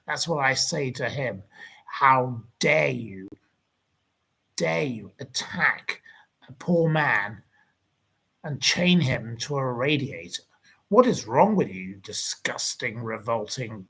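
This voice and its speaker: A man's voice: fairly high pitch, lively intonation, takes it slowly, breathy edge, poor audio. A man hosting a livestream, ranting indignantly and rambling as he answers viewer comments. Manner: indignant, rambling, repeats insults.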